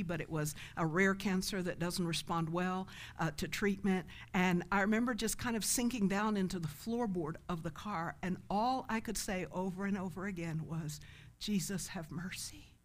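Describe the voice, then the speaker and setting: A woman pastor preaching a sermon, shifting from loud impassioned cries to soft, hushed words. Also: mid-range voice. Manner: quotes prayers in an impassioned pleading voice.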